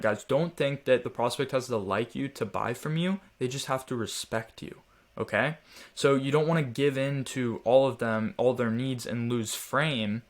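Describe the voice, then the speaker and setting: A young man giving a casual sales training lecture, explaining with many fillers and acting out different tones of voice. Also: mid-range voice. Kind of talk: screen-share training lecture.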